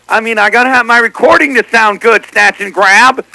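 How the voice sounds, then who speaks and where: A man's voice: high voice, steady tone, fairly quick, gravelly, sharp tone, a little hiss or hum, rough recording. A man chatting casually as a CB radio operator, teasing others and repeating what they said on air.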